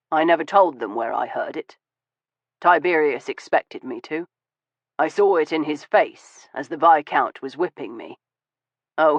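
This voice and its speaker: A man voicing a wounded, weary Victorian gentleman who speaks in a low, measured and bitter way in an audiobook. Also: no room sound. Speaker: audiobook voice of a male character. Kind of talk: audiobook dialogue reading. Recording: dull, dry studio audio.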